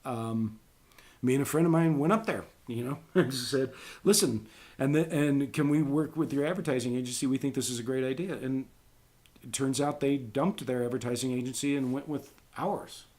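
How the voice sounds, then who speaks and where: A man's voice: mid-range voice, moderate pace, darkish tone. Rambling middle-aged man, casual chat. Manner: rambling, many ums and restarts.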